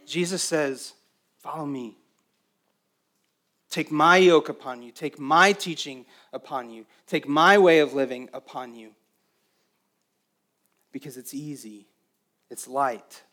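A man preaching a sermon as pastor, swinging between emphatic raised passages and quiet, intimate stretches. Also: fairly high pitch, slow, pauses often.

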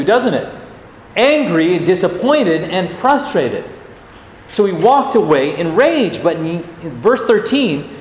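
An earnest male pastor preaches in a high, animated voice and presses his listeners with rhetorical questions. His words echo around a large church hall with a long reverb tail. Faint ambience stays in the background. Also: a little hiss or hum. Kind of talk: sermon.

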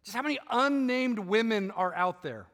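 A man's voice: high voice, expressive, moderate pace, a bit bright, big-room sound. A male pastor preaching with passion, repeating key phrases for emphasis. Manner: impassioned, emphatic preaching with repetitions. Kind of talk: sermon.

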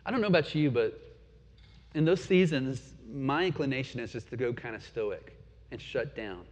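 Earnest preacher in an echoing hall. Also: male voice, medium pitch, lively intonation. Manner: earnest, reflective, rhetorical questions, drops to quiet pauses. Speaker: pastor. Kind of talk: sermon. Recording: dull lo-fi sound with long hall reverb.

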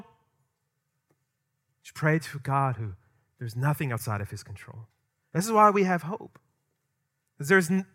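A man preaching a sermon as pastor, emphatic and conversational, swinging from loud stressed points to quiet asides. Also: on the high side. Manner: conversational with asides and light humor.

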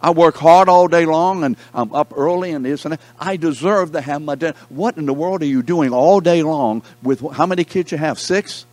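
A man's voice: fairly high pitch, fairly quick, hardly any pauses, a little mellow, dry recording, voice pushed up, close to an everyday voice. A man voicing a grumpy middle-aged husband who complains indignantly that his dinner is late.

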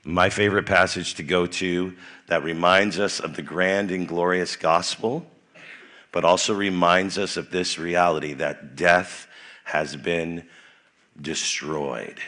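Man, young adult, youth rally preacher, bright edgy voice, lowish pitch, lively, leads chants, slightly worn voice. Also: takes it slowly. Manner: energetic, playful, leads chants. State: voice a bit worn. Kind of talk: sermon with crowd call-and-response.

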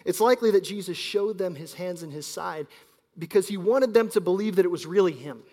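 A man in his thirties preaching a sermon as pastor, telling stories and swinging between loud emphasis and quiet asides. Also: high voice, brisk. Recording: long hall reverb.

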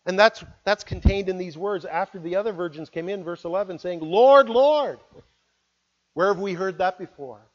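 A man preaching a sermon, earnest, moving between loud appeals and hushed, quiet words. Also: high-pitched, steady tone, brisk, few pauses, lo-fi sound. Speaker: pastor.

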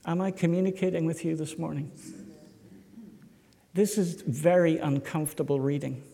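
Man preaching in a church, unhurried and emphatic, slightly high voice with long hall reverb. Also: fairly even intonation, creaky, warm tone. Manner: slow, emphatic, rhetorical questions to the congregation. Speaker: pastor. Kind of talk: sermon. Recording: echoey hall.

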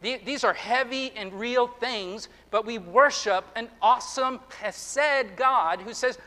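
A man's voice: very high-pitched, bright, forceful tone. Earnest preacher man in a reverberant hall. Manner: earnest, halting with repeated restarts. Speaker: pastor. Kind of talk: sermon.

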